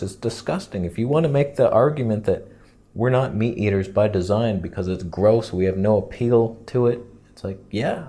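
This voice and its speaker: A man's voice: lowish voice, normal speed, warm tone. A man vlogging in a casual, candid and joking way, rambling from point to point. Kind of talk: casual vlog monologue.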